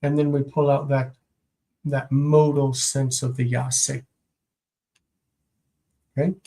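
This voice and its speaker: A teacher works through a live-streamed homework review, reading each Hebrew phrase and then translating it piece by piece. The pace is unhurried and deliberate, with long pauses between fragments. The voice sits at a middle pitch, and small slips get corrected as the lesson goes on. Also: little pitch movement, dark tone, low-quality recording.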